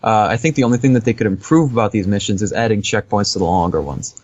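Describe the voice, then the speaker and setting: A man's voice: fairly low pitch, fast talker, darkish tone, no echo, dull audio. A man co-hosting a podcast, casually rambling through a game review with lots of fillers and easy laughs. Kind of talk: casual chat.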